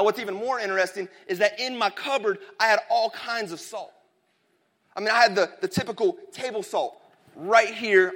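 A man's voice: high-pitched, a bit bright. A man in his thirties preaching a sermon, telling a funny family story in a chatty, joking way. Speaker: pastor. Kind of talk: sermon with a humorous personal story.

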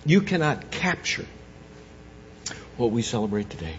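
A pastor preaches an Easter sermon in a church sanctuary, swinging between soft, low reflection and loud, raised preaching with big pitch swings. He's unhurried and often repeats words and restarts phrases. The recording sounds dull and echoey, with slight background noise.

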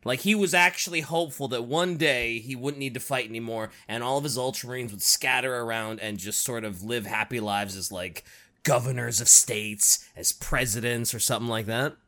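A man co-hosting a casual podcast chat, joking around, laughing often and chiming in with quick agreement. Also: mid-range voice, bright, forceful tone. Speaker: podcast co-host.

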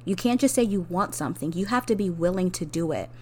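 A woman hosting a podcast, talking earnestly and openly to her listeners about hard times, often with a soft laugh and rising emphasis. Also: fairly low pitch, expressive, quick pace, slight background noise. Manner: speaks directly to the listener. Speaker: podcast host. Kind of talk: personal reflective monologue.

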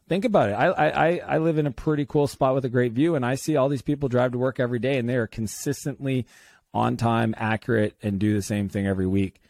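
A man in his thirties, a guest author telling stories in a podcast interview, lively and acting out the voices of others. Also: quick pace, creaky, dry recording. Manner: animated, acts out quoted voices with big pitch jumps.

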